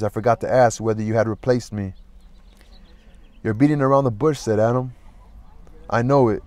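A man reading a novel aloud in an even, plain manner, lightly voicing the dialogue. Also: fairly low pitch, no room sound. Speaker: audiobook reader.

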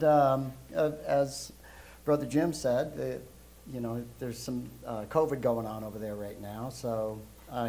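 A middle-aged man from Brooklyn, raised in Europe, preaching a casual sermon in a loud voice with lots of ums and uhs. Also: mid-range voice. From Brooklyn, New York, raised in Europe. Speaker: guest preacher.

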